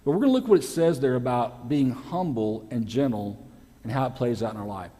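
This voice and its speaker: Animated preacher in a reverberant church. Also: male voice, mid-range voice, fairly quick. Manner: lively preaching, acting out quoted voices. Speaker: pastor. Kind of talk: sermon. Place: church sanctuary. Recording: long hall reverb.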